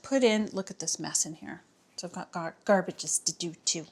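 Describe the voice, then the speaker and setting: This vlogger has a fairly low voice and speaks at a normal pace over background noise. She's a housewife chatting casually while she cleans indoors and out in the yard, wandering from topic to topic and joking at her own expense, recorded on a camera mic.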